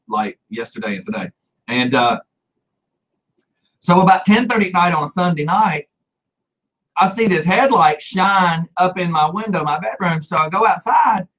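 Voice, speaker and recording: A man tells a rowdy story in casual chat, high-pitched and bright-toned. He throws himself into the quoted voices and laughs often. The sound is dull and lo-fi.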